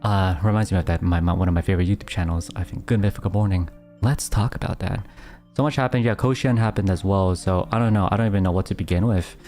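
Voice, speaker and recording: Young male streamer, excitable chatty storytelling. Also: low voice, quick pace, faint music behind. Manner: excitable storytelling, bursting into laughter, many fillers. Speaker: VTuber streamer. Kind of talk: casual chat stream.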